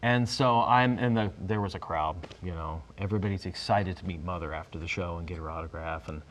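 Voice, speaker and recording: A man in his fifties, a guest on a talk show, telling a story in a halting way with frequent restarts. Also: low-pitched, dull audio. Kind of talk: casual storytelling.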